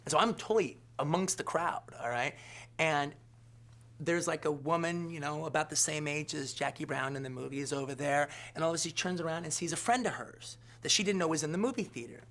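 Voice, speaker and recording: Rambling man telling a story with bright energy. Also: a little high, brisk. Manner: rambling, filler-heavy, keeps asking "all right?". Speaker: film director. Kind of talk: interview anecdote.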